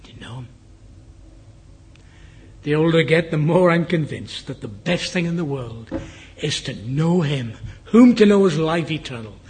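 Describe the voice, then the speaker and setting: An older Englishman preaching a sermon, telling a personal story in an earnest way and dropping to a hush at times. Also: on the high side, expressive, normal speed, slightly rough. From England. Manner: earnest, drops to a hushed whisper for the dying man's words. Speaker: guest preacher.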